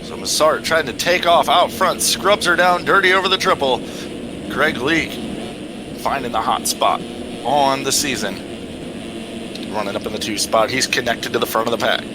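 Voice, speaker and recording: A man's voice: mid-range voice, background noise. A man commentating a motocross race, reeling off the rider lineup and calling positions. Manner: reels off rider lists quickly, dry asides. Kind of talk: play-by-play commentary.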